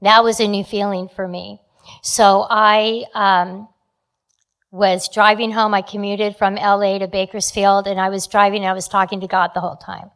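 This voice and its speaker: A woman's voice: medium pitch, little pitch movement, normal speed, fairly bright tone, clear, resonant tone. A woman in her fifties or sixties speaks candidly at a recovery meeting about her own past. Her sentences stop and restart, padded with ums and uhs, in a plain, unpolished way of talking. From New Jersey. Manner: candid, frequent fillers and restarts. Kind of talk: sharing a personal recovery story.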